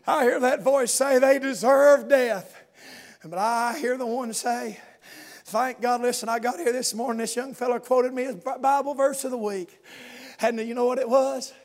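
A man with a strikingly high voice delivers a sermon. He preaches with fervor, dropping to a hushed, intimate tone and then climbing into a shouted, rhythmic cadence. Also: fairly even intonation, moderate pace. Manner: impassioned, builds from soft talk to fervent shouting cadence.

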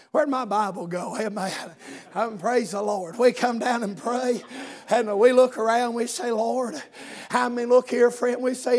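A preacher, a man with a strikingly high voice, delivers a revival sermon. He hollers and slides into a sing-song cadence, dropping amens between his lines. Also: darkish tone.

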